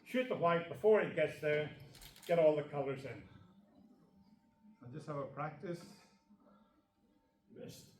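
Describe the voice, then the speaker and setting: A man's voice: fairly high pitch, lively intonation, a little slow, long pauses, darkish tone, a little hiss or hum. Joking Northern Irish man in echoey hall. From Northern Ireland. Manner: joking, chatty storyteller who laughs often. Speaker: snooker trick shot exhibitor. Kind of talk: live exhibition banter with the audience. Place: large echoey snooker hall with an audience. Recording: echoey hall, distant mic, crowd.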